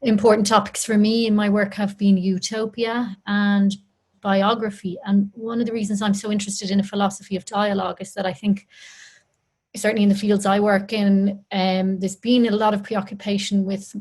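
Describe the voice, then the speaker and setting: A woman academic introduces herself to an online seminar over a video call. She speaks in a thoughtful, slightly hesitant way, at a middle pitch. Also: level tone, normal speed, a little mellow. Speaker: university lecturer.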